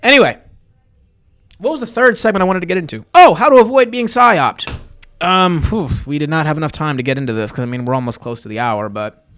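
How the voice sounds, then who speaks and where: A young man hosts his own podcast livestream, rambling loosely to viewers with fillers, tangents and plugs for his channels. His fairly high voice is expressive, fairly bright, and a little fast.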